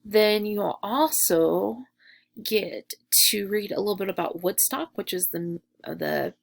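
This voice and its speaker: A young woman teacher speaks to her class in a loose, chatty way, filling pauses with ums and likes. Her voice sits at a middling pitch with a gravelly, fry-tinged texture. She sounds affectionate toward her students. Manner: chatty, filler-heavy and affectionate. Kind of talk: recorded class message to students.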